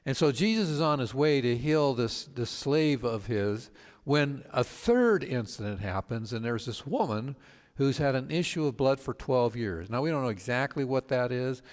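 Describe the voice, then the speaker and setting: A man, a pastor, teaching a Bible study in a storytelling way, halting with fillers and restarts and acting out the people he quotes. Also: medium pitch, long reverb tail. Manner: acts out quoted speakers with voice changes.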